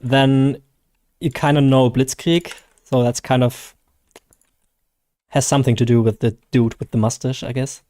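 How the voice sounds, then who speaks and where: A man's voice: medium pitch, fairly even intonation, a little slow, long pauses, mellow. A man with a German accent chatting casually and rambling to viewers on a live game stream, his first language German. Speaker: gaming streamer.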